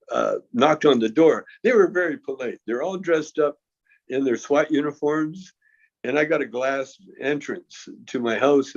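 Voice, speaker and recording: A man's voice: mid-range voice, gravelly. A male guest casually telling a long anecdote, often chuckling and restarting his sentences. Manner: chuckling storyteller who stammers and restarts. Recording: dull lo-fi sound.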